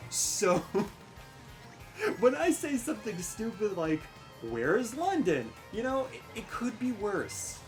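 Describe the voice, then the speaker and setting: A woman's voice: on the high side, big pitch swings, takes it slowly, a little mellow, faint music behind. A young woman giving casual, rambling let's-play commentary over a racing game, joking about herself and yelping at the action. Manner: chatty, rambling, self-mocking, yelps at the game. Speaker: gaming commentator.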